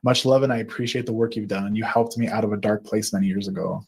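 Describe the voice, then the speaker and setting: A man's voice: lowish voice, steady tone, fast, vocal fry, breathy edge. Man reading chat comments with laughs. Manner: warm, laughs often, reads with fillers. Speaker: host.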